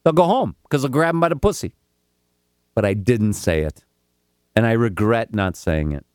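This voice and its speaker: A man's voice: on the low side, animated, moderate pace, a little mellow, clean tone, no room sound, studio quality. A man co-hosting a casual comedic chat, telling stories with swearing and mock voices. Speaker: podcast co-host.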